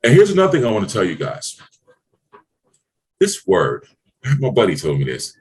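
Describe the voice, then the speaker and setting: A man's voice: lowish voice, huge pitch swings, normal speed, pauses often, a little mellow. Blunt, fired-up male mentor. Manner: blunt, swearing, preachy, emphatic. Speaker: business mentor. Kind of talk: motivational podcast talk.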